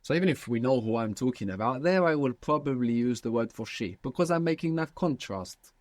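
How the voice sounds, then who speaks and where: A man's voice: mid-range voice, expressive, a little fast, a little mellow, dry recording. A man teaching a language lesson, patiently prompting his student with questions.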